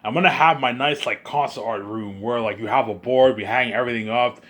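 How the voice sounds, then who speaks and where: A man rambling in an excited monologue, often repeating himself and restarting his sentences. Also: mid-range voice, brisk. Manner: excitable, repeats himself, puts on voices of others. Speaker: vlogger.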